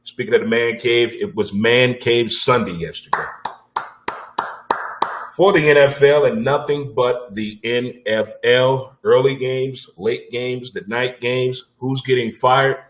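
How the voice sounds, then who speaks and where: Blunt, animated man hosting sports talk. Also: medium pitch, unhurried, a little hiss or hum. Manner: animated, blunt, with casual swearing and repeated punchlines. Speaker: sports talk show host. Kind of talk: casual sports talk monologue.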